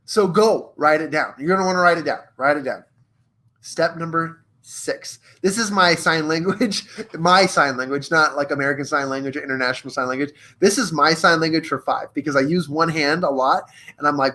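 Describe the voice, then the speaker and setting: A young man with a slightly high voice hosts a live coaching stream. He talks energetically and playfully, reading passages aloud and chatting directly to his viewers. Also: moderate pace. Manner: energetic, playful, reads aloud from a book and retells movie scenes. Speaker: host of a live social media show.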